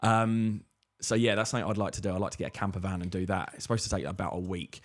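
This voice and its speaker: Fast-talking man host. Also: low-pitched, level tone. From Kent, England. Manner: quick, sweary, joking interviewer. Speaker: podcast host. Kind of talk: casual chat.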